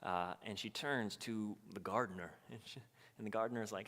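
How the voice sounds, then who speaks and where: A man's voice: fairly low pitch, fairly quick. Man teaching in a reverberant church hall. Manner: animated storytelling, acting out voices. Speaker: pastor. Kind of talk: Bible study teaching.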